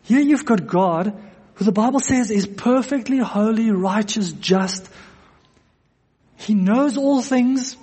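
High-voiced preacher with a hall echo. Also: male voice, takes it slowly, warm tone, husky. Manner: earnest, repeats phrases for emphasis. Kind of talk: sermon. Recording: long echo of a church hall.

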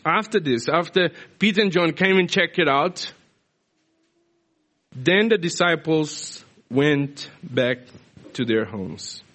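A male preacher from South America explains scripture in an unhurried, conversational sermon. His voice sits a little high, and he often restarts his phrases as he thinks aloud. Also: lively intonation, fairly bright tone.

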